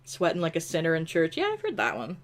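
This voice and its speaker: A woman's voice: low voice, huge pitch swings, quick pace, a little hiss or hum. A woman with an upstate New York accent, chatting casually and ramblingly on a gaming stream. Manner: rambling, full of "like", laughs easily. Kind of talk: casual chat while gaming.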